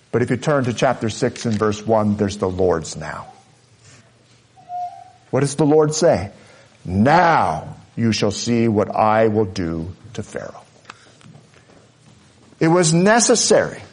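A pastor preaching a sermon, earnest and emphatic, driving points home with repeated phrases. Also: male voice, medium pitch, very animated, takes it slowly, long pauses.

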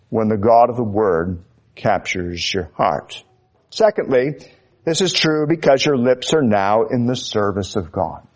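A man preaching a sermon, slow and emphatic, his voice rising when he quotes Scripture. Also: on the low side. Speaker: pastor.

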